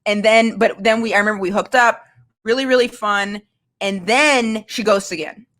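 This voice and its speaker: A woman's voice: medium pitch, steady tone, normal speed, a bit bright. Rambling woman telling a dating story. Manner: rambling, filler-heavy, self-mocking. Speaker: guest comedian. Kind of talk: candid storytelling.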